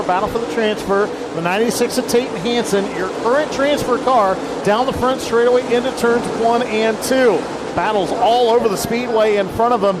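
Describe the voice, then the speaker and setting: High-voiced man calling a dirt race. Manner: rapid lineup reading, brisk and clipped. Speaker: race announcer. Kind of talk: play-by-play racing commentary. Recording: race announcing with loud vehicle noise behind. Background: loud race car engines.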